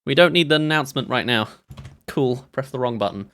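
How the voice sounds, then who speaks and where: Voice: mid-range voice, animated, brisk, a bit bright, faint music behind. A streamer, rambling and chatty while reacting to movie trailers live, reading chat aloud and laughing often.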